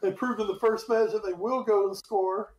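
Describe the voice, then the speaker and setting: High-voiced man in a roomy echo. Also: normal speed, a little hiss or hum. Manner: animated, rambling, swears freely. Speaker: podcast co-host. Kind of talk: casual sports chat.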